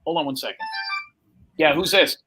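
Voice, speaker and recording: A man's voice: fairly high pitch, moderate pace, sharp tone, husky, faint music behind. A middle-aged man telling a long, profane story in casual chat and acting out the other people's lines. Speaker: podcast host telling a story.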